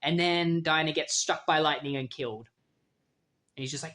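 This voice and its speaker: A man's voice: fairly high pitch, brisk, fairly bright tone. Chatty man retelling comics. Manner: loose, chatty, frequent "like". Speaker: comic book reviewer.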